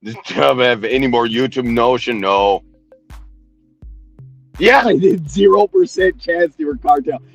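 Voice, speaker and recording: On a livestream, a man rants heatedly while answering his chat, swearing constantly and mocking and confronting people. His mid-range voice is animated with vocal fry, his pace measured with frequent pauses. There's no echo, just faint music behind him.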